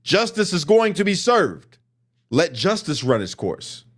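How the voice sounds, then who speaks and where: A man's voice: high voice, big pitch swings, measured pace, breathy edge. A man commenting sarcastically on protest clips, mocking and emphatic.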